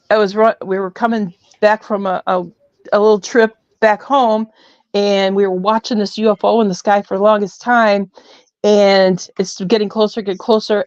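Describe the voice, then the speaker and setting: A woman guest telling her experiences in a casual, rambling way, full of fillers and animated retellings. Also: medium pitch, no room sound, dull audio. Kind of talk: casual storytelling on a call-in show.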